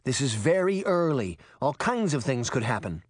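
Man as a careful young mother, lightly raised pitch, calm, storybook. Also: normal speed, no room sound. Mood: serious. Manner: calm, reassuring.

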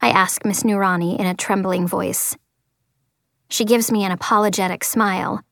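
A woman narrating a first-person story as an audiobook, expressive, slowing and softening at tense moments. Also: mid-range voice, gravelly, dry recording, clean studio sound. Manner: expressive, slows for tense moments, drops to quiet tones.

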